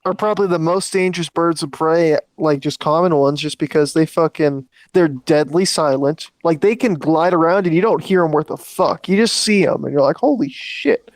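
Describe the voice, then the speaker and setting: A man's voice: a little high, moderate pace, few pauses, no echo. A man guesting on a live stream, chatting casually in a rambling, profane, matter-of-fact way. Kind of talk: casual chat.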